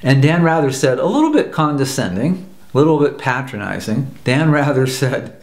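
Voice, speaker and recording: A man's voice: mid-range voice, big pitch swings, moderate pace. A man from the United States telling a story in an earnest talk, repeating phrases for emphasis. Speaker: personal growth teacher. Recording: roomy echo.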